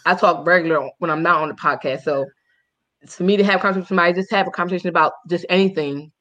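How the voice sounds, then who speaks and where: A woman co-hosting a podcast, telling a dating story in casual chat, candid and animated with frank profanity. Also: fairly low pitch, very fast. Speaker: podcast co-host.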